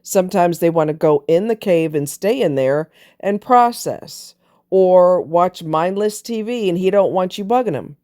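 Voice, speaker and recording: A woman's voice: on the low side, lively intonation, a little slow, dark tone. A woman delivering a blunt, emphatic, preachy monologue on relationships, casually swearing as she makes her points. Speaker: relationship commentator. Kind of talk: opinionated monologue.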